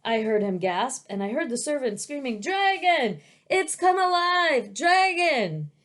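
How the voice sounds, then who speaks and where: A woman voicing an eager, gentle young male dragon who was born from a painting, telling his story in earnest. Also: fairly high pitch, fairly quick, lightly acted.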